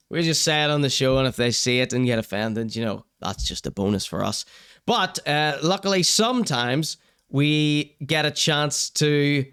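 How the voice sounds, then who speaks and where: A man's voice: fairly high pitch, fairly bright tone, smooth. A man hosting a show, giving casual commentary in a wry, self-deprecating way. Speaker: show host.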